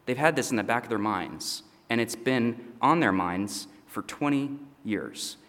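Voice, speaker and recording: A man's voice: medium pitch, animated, measured pace, a bit bright. A pastor preaching and reading scripture in a conversational way, often checking in with his listeners. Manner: conversational, asides with "okay?" and "all right?". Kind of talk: sermon teaching. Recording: long hall reverb.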